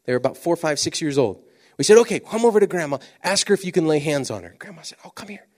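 A man preaching a sermon, telling a story with lively swings from loud exclamations to hushed asides. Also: on the high side, fast talker.

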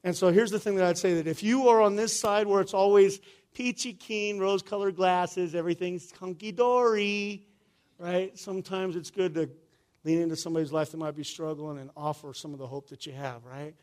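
A man's voice: sits high, fairly even intonation, brisk, darkish tone. A male pastor, preaching a sermon in a conversational way, often asking "right?" and calling the room "y'all".

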